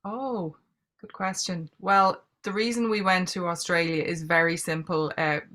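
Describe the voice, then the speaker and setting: Bright-toned Irish woman, candid chat. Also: lowish voice, steady tone, unhurried. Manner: candid, reflective, chatty. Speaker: guest answering audience questions. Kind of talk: casual Q&A conversation.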